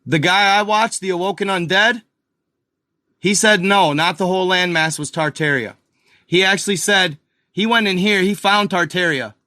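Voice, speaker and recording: A man hosting a casual video, excitedly talking viewers through an old map and repeating himself as he points things out. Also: high-pitched, normal speed, no room sound, clean studio sound. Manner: excited, repetitive, addresses viewers as guys and y'all. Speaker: video host. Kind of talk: casual commentary over a map.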